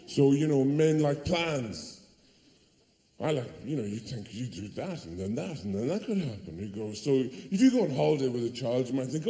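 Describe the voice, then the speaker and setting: A man's voice: mid-range voice, very animated, moderate pace, warm tone. A man doing a stand-up comedy routine on stage, rambling and digressive with lots of hesitant fillers. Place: theatre stage before a live audience. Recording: roomy hall reverb, faint audience ambience.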